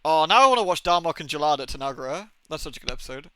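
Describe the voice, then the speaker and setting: A man's voice: a little high, lively intonation, rapid-fire, a bit bright, clean tone, no echo. A young man chatting casually on a livestream, swearing often and laughing as he talks about old TV episodes. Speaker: streamer.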